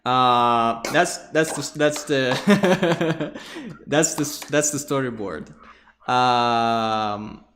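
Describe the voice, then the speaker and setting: Male lecturer, mid-pitched, walks through a storyboard, makes the sound effects himself, stumbles over repeated words. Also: extremely slow, a bit bright, slight background noise. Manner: acts out scenes with vocal sound effects; repeats words while searching for them.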